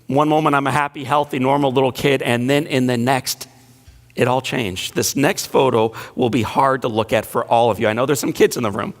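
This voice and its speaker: Male inspirational speaker, middle pitch, storyteller mixing humor and quiet emotion. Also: steady tone, brisk. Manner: storytelling, shifting between playful asides and hushed emotional lines. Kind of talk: inspirational speech to a large audience. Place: large banquet hall.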